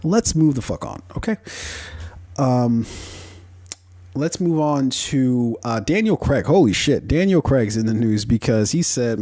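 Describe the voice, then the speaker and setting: Profane, rambling man with a mellow voice. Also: mid-range voice, expressive, a little slow, dry recording. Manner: profane, rambling, with frequent fillers and laughs. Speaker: podcast host. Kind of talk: casual commentary podcast.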